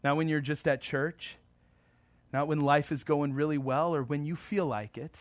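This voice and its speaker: A man preaching a sermon as a pastor, moving between quiet, tender passages and fervent, rising appeals. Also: fairly high pitch, steady tone, moderate pace, no echo. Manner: emphatic preaching that swings between hushed and fervent.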